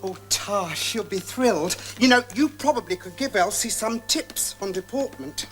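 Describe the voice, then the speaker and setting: An actress playing a prim, chatty housemaid in a TV sketch. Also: female voice, mid-range voice, expressive, normal speed, faint music behind, close to an everyday voice. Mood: fussy. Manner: fussy, proper-sounding servant talk.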